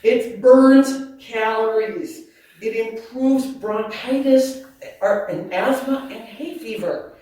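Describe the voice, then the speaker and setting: A woman leading a laughter yoga talk, lively and playful, often breaking into laughter. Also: a little high, slow pace. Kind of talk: talk to a group. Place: community hall. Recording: echoey hall, mic at a distance.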